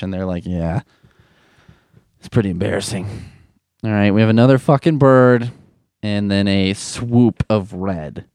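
A man's voice: on the low side, a little mellow, no room sound, studio quality. A man riffing comedically in a rambling, sarcastic way, swearing often.

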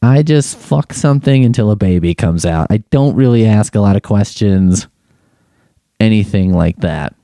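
A man's voice: on the low side, moderate pace, mellow, dry recording, studio quality. A man hosting a comedic solo podcast, giving crude, sarcastic and exasperated running commentary as he takes a quiz. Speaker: podcast host.

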